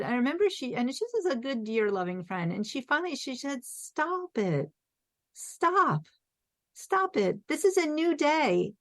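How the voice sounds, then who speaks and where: A woman's voice: mid-range voice, no echo. A woman guest on a podcast telling a personal story in a reflective, earnest way. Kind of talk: casual interview chat.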